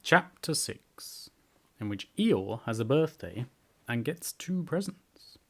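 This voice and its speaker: A man reading a children's book aloud as the show's host, with expressive, lively storytelling. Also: mid-range voice, slow pace. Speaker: reader, show host.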